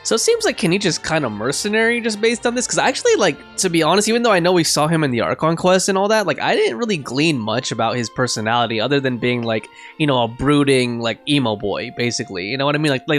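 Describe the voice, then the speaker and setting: A man's voice: medium pitch, fairly bright tone. A man giving casual let's-play commentary, rambling with lots of fillers. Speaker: gameplay commentator.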